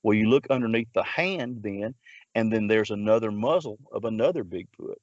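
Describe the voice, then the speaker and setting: Guy rambling thru a long story with lots of uhs, low voice, kinda muffled dry audio. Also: lively intonation, moderate pace, no room sound. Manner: rambling, many restarts and filler words. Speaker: Bigfoot researcher guest. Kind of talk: casual storytelling.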